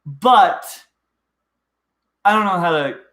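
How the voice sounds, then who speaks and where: A man's voice: sits high, expressive, slow pace, a bit bright. A middle-aged man hosting a casual live-stream chat, rambling eagerly and restarting his sentences often. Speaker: host of a reptile channel. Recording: echoey room.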